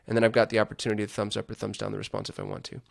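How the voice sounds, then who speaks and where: A man's voice: fairly low pitch, very animated, rapid-fire, vocal fry. A man hosting a casual screen-share walkthrough on digital marketing, thinking aloud with chatty asides.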